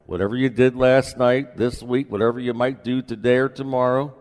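A man pastor preaching a sermon in a relaxed, conversational way with folksy asides, in a church sanctuary. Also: medium pitch, a little fast, in a large hall.

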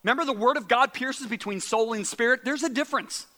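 A man preaching a sermon and telling a story, animated, often repeating words and dropping to a hushed voice. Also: extremely high pitch, fast talker, long reverb tail.

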